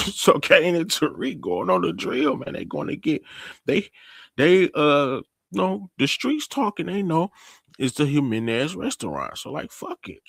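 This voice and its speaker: Gravelly, husky man recapping a TV show. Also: a little high, a little slow, no echo. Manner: animated storytelling, acting out characters, laughing. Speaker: TV recap host. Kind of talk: casual slang-heavy episode recap.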